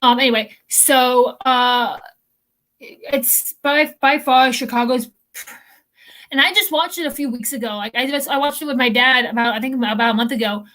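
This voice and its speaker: A woman's voice: high voice, normal speed, a bit bright. Chatty young woman, rambling with fillers. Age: young adult. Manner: rambling, many fillers and restarts. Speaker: podcast co-host. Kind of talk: casual chat.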